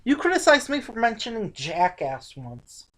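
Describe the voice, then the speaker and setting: A woman's voice: on the high side, sing-song, normal speed. Sarcastic woman reviewing a movie. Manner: sarcastic, exasperated, mocking. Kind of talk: casual movie review chat.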